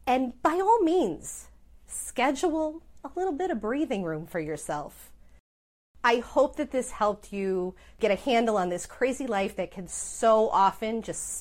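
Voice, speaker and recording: A woman's voice: fairly high pitch, big pitch swings, slow pace, a little mellow. A middle-aged woman who runs her own business and is a mother, giving chatty, self-deprecating advice in a casual vlog.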